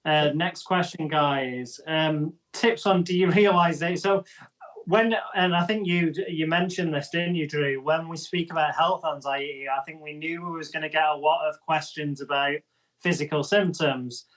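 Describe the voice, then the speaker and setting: A man hosting a casual wellness podcast, reading out listener questions in a measured, slightly hesitant way. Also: on the high side, steady tone, a bit bright, distant mic, low-quality recording. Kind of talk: casual chat.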